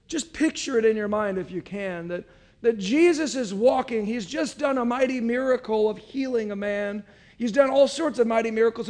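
High-voiced man preaching a sermon. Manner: expressive storytelling, restarts and asides to listeners. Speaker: pastor.

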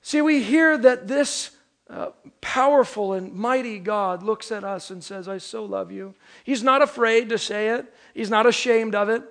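High-pitched guy preaching a christmas sermon, tells stories, slows way down on the big lines. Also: a bit bright. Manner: storytelling, emphatic, slows down on key phrases. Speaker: pastor.

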